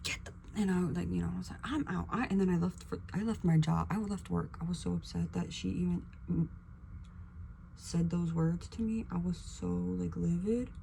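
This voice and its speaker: A young woman vlogger chatting casually while getting ready, acting out quotes with sudden whispers and high bursts. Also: fairly even intonation, normal speed, gravelly, dark tone, slight background noise. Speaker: beauty vlogger.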